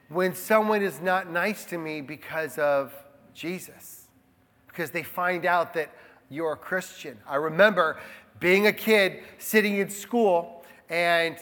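A man's voice: high-pitched, a bit bright, in a large hall. A man preaching a sermon in an earnest way, repeating key phrases for emphasis. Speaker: pastor.

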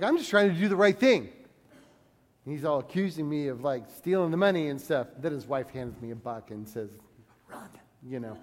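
A man in his forties preaching a sermon, telling stories and acting out the voices of the people in them. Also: a little high. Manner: animated storyteller acting out voices. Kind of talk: sermon with storytelling. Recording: long reverb of a hall.

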